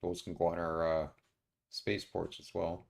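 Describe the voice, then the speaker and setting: Gravelly man muttering through a strategy game. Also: low voice, little pitch movement. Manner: muttering to himself, halting with many uhs. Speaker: streamer playing a strategy game. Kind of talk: casual let's-play commentary.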